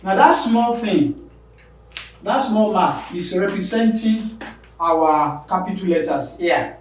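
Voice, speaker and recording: A man teaching an English pronunciation lesson, repeating example words slowly and with emphasis. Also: sits high, expressive, a little hiss or hum. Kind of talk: classroom lesson on word stress. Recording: very echoey room, voice from a distance.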